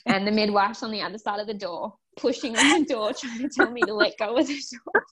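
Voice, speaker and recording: A woman's voice: on the high side, steady tone, fast, crowd noise. A young woman, casually telling a long personal story, full of fillers and quoted dialogue. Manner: chatty, many fillers, quotes herself and others. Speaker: guest telling her birth story.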